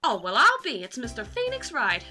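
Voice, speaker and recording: A woman voicing a loud, brash female paranormal photographer in a put-on American Southern accent, talking in a boisterous, folksy way. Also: a little high, wildly swooping pitch, normal speed, faint music behind, heavily acted.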